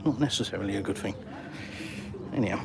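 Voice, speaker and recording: A man's voice: on the low side, quick pace, vocal fry. Chatty retired Englishman on a walk. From England. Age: older. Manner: chatty, reads viewer comments aloud, matey. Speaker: vlogger. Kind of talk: live-streamed walk and talk. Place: outdoors by water in a town. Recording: outdoor traffic noise.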